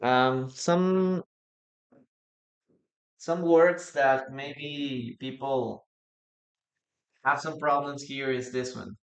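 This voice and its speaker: Slow-spoken teacher. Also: medium pitch, fairly even intonation. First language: Spanish. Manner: repeats words slowly for pronunciation, reads out chat. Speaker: English teacher. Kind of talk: live-streamed English lesson. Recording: roomy echo.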